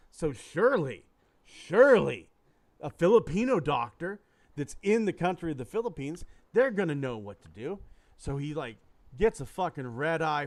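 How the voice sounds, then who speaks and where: A man co-hosting a casual podcast, telling a crude joke and putting on voices for its characters. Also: medium pitch. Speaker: podcast co-host. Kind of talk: casual crude chat about toys.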